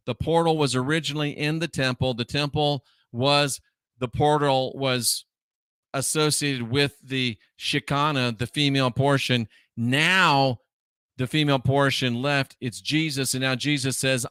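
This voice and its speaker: A man's voice: mid-range voice, fairly bright tone, clear, resonant tone, no echo, studio quality. A man hosting a religious commentary show, talking emphatically, repeating phrases for stress and dropping wry asides. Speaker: host.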